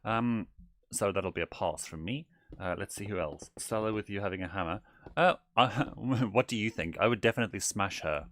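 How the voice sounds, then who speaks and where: A man's voice: fairly low pitch, normal speed, fairly bright tone, no room sound, lightly acted. A man voicing a flamboyant male owl demon prince while streaming a game in character, theatrical and giggly, calling people darling. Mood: playful. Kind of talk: in-character gameplay livestream.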